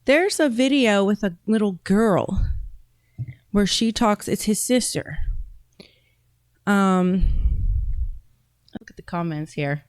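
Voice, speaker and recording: A woman podcast host chats casually, thinking aloud with fillers as she browses and reads comments out, rambling along with an accent that drifts between British-tinged and Southern. Her medium-pitched voice is animated and slow, with frequent pauses.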